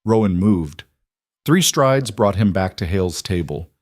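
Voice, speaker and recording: A man reading a story as scripted narration, calm and even. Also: low voice, a little slow, no echo, studio quality.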